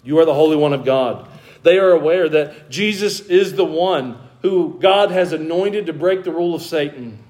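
A man with a slightly high-pitched voice delivers an expository sermon from the front of a church. He slows down to lean on the key words and reads scripture aloud between his points. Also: a little mellow. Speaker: pastor. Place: church sanctuary.

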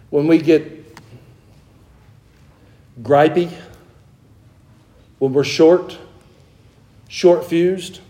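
A man's voice: on the high side, mellow. A middle-aged man preaching a sermon as pastor, talking conversationally, with self-deprecating humor and emphatic exhortations.

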